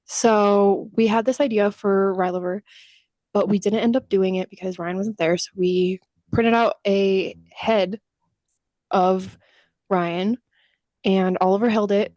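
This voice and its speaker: Slow and fairly even, with a darkish medium-pitched tone and no echo, this young woman's voice carries a casual podcast chat. As co-host she tells stories, swears freely, and acts out quoted lines.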